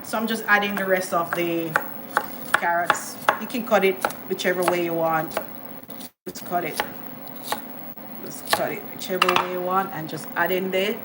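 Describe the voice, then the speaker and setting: A woman's voice: on the low side, fairly even intonation, moderate pace, pauses often. A woman hosting a live cooking stream, chatting enthusiastically with viewers as she adds ingredients in her home kitchen. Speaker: cooking channel host. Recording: home kitchen noise with sizzling pan. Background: frying and sizzling food.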